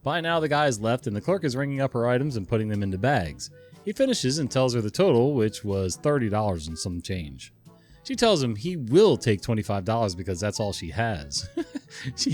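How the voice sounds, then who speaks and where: A man telling stories in a relaxed, chatty manner, chuckling often and drifting into asides. His pitch moves around a lot as he talks. Soft guitar music plays quietly behind him. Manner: chuckling, conversational, digressive. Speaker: storytelling channel host. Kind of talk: casual story narration.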